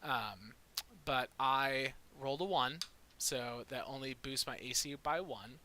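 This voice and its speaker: A man's voice: mid-range voice, unhurried, bright, forceful tone. A man playing a tabletop game, talking casually and eagerly, using slang as he describes his character's moves.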